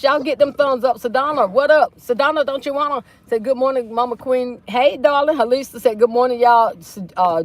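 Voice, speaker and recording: Woman, livestream host, reads comments aloud, folksy, in a car, slightly high voice. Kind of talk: casual livestream chat reading comments. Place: inside a car.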